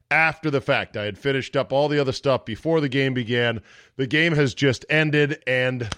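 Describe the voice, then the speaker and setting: A man's voice: mid-range voice, a bit bright, dry recording. A man hosting his own sports podcast, talking solo in wry, exasperated rants and mimicking other people's voices. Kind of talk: solo sports talk monologue.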